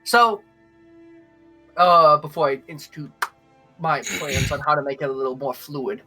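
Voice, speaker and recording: A young man running a tabletop game as game master, talking in halting stretches with many fillers. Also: fairly high pitch, bright, forceful tone, soft background music. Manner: hesitant, many fillers and restarts.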